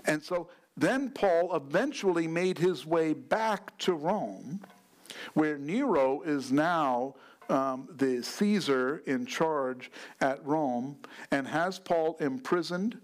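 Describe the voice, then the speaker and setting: Slow, earnest male pastor preaching. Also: fairly high pitch. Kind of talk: sermon.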